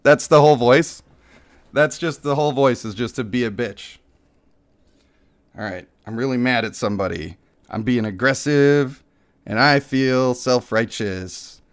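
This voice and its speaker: Slow-talking male game streamer. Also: medium pitch, smooth. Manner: joking, laughs at himself. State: voice a bit worn, cutting out. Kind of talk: casual live-stream chat.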